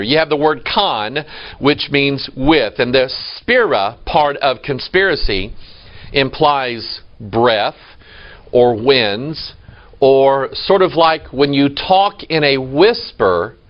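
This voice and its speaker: A man's voice: medium pitch, lo-fi sound. A man preaching a sermon in a church, emphatic and quoting scripture. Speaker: pastor.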